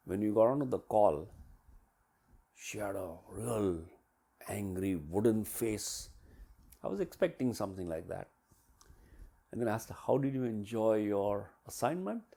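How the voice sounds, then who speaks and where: A man, a business mentor, telling a coaching story in a lively way, acting out quotes and sounds. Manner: animated, acts out quotes and sounds with big swings in pitch and loudness.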